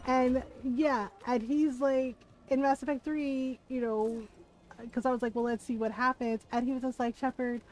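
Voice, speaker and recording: A woman game streamer in casual livestream chat, talking in an animated, laughing rant with plenty of swearing. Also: high-pitched, unhurried, rough recording.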